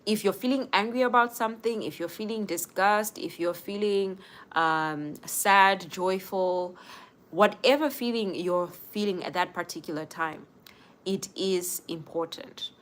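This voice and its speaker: A woman's voice: mid-range voice, unhurried, fairly bright tone. A young woman hosting a casual live stream, speaking earnestly and giving advice straight to her viewers. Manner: earnest, advising viewers directly.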